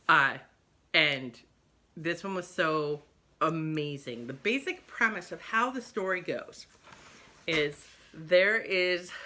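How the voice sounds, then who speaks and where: Low-pitched and sharp in tone, a middle-aged book vlogger chats loosely about books. She rambles a lot and keeps drifting off on tangents.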